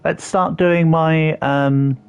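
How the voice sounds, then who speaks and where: A man's voice: fairly high pitch, fairly even intonation, takes it slowly, smooth. A young man livestreaming a building game, chatting casually and answering viewers with self-deprecating jokes. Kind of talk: casual gaming livestream chat. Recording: slightly dull audio with faint background music.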